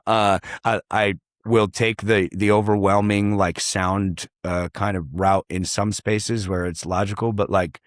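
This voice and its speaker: A man's voice: lowish voice, flat delivery, measured pace, hardly any pauses, no room sound, studio quality. A man in casual podcast talk, reflective and loose, cursing freely and trailing into fillers. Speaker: guest, artist and songwriter.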